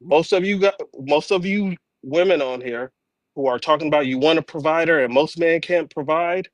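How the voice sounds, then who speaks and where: A man with a slightly high voice argues his side as a guest on a live panel. He pushes his point and keeps checking in with "right?". His sound is dry and close to the mic. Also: normal speed, dry recording. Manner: argumentative, keeps saying right?.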